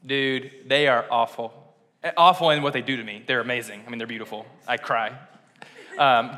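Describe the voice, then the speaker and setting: Chatty young pastor in an echoing hall. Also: male voice, a little high, bright, forceful tone. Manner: chatty, self-deprecating, laughs at himself. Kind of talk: casual conversational sermon. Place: church sanctuary. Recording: long reverb in a hall.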